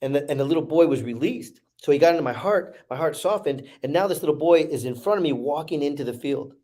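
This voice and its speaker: Male guest, slightly higher voice, earnest storyteller who repeats himself. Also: lively intonation, fast talker, warm tone. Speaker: podcast guest. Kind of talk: emotional storytelling.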